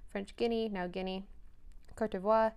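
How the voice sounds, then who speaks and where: Young woman book vlogger, casual and chatty, hedges often; smooth, clear tone at a mid pitch. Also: fairly even intonation, normal speed, a little mellow. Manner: chatty, thinking aloud with frequent hedges. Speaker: book reviewer. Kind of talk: casual vlog chat.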